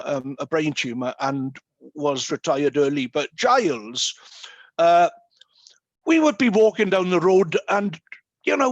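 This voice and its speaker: A man's voice: fairly high pitch, no echo. Chatty man telling stories. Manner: humorous storytelling with many fillers. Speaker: guest speaker. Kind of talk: anecdotal talk at an online meeting. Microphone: video call.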